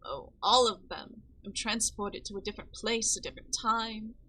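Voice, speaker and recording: A woman's voice: a little high, steady tone, moderate pace, pushed and bright, a little hiss or hum, poor audio. A woman voicing a haughty, contemptuous young female botanist with a pompous, shifting put-on accent, reading game dialogue aloud. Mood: anxious.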